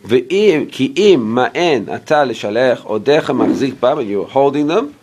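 A man's voice: mid-range voice, lively intonation, a little mellow. A man teaching an informal Bible class, explaining verse by verse and checking in with listeners, sometimes stopping to hunt for an English word. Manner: pauses to search for English words. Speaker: Torah teacher.

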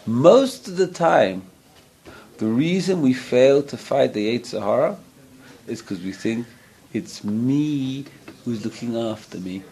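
A man's voice: mid-range voice, lively intonation, slow, dark tone, husky. A man teaching a Torah lesson as a rabbi, earnest, often asking his listeners questions. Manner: earnest, asks the listeners questions, acts out voices.

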